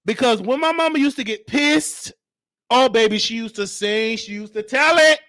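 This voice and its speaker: High-pitched animated man telling stories. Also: normal speed, dry recording, studio quality. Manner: animated, acts out quotes, frequent laughter. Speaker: host. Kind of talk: storytelling monologue.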